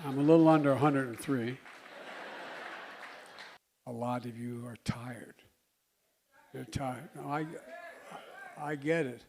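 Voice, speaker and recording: An older man, a politician giving a public speech, who stumbles and mumbles, then bursts into loud emphatic lines. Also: medium pitch, fairly even intonation, slow pace, long pauses, a little hiss or hum.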